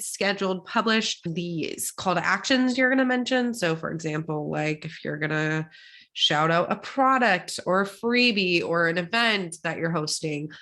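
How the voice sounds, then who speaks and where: A young adult woman from Texas hosting a solo podcast, upbeat and chatty, talking straight to her listeners, a bit congested with some vocal fry. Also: fairly low pitch, bright, forceful tone. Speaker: podcast host.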